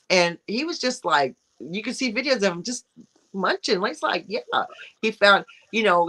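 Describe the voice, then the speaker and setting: A woman co-hosting a casual chat show, talking in an animated, rambling way with frequent restarts. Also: mid-range voice, rough recording. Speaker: co-host.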